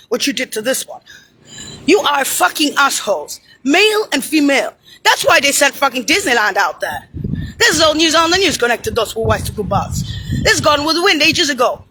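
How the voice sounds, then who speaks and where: A woman's voice: sits high, pushed and bright, slight background noise, poor audio. A woman delivering an angry, profane, rambling monologue, hurling insults and pointing things out on screen. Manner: points at something on screen while talking.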